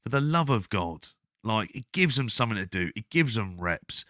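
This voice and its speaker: A man co-hosting a casual wrestling podcast, talking in a sweary, rambling, animated way. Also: fairly low pitch, normal speed, no room sound, clean studio sound. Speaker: podcast co-host.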